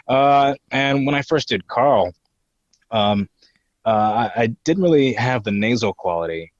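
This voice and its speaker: A man's voice: mid-range voice, lively intonation, unhurried, no echo, dull audio. A young man in his twenties, a guest voice impressionist on a podcast interview, answering hesitantly with many fillers. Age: 20s.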